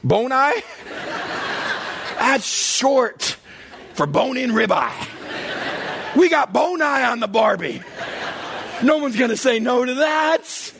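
Animated gravelly pastor preaching. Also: male voice, very high voice, slow pace, pauses often, slight background noise. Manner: animated storytelling, acts out characters, frequent shouting and laughter. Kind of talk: comedic sermon. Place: church.

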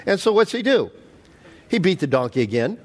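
A middle-aged male pastor preaching a sermon, animated and storytelling, acting out the quotes. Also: a little high, fairly quick.

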